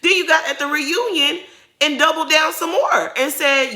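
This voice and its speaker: A woman giving opinionated, animated commentary as she recaps a reality TV episode for her viewers. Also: high-pitched, unhurried. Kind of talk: casual commentary vlog.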